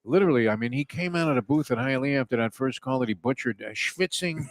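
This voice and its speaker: A man's voice: mid-range voice, quick pace, slight background noise. A man co-hosting a casual outdoor chat at the beach, joking and often restarting his sentences. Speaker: co-host. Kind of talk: casual banter.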